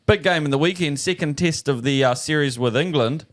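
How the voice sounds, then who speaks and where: A man's voice: fairly high pitch, fairly quick. A man in his thirties with a New Zealand accent, co-hosting a podcast in casual, jokey banter and rambling as he searches for words. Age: 30s. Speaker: podcast co-host.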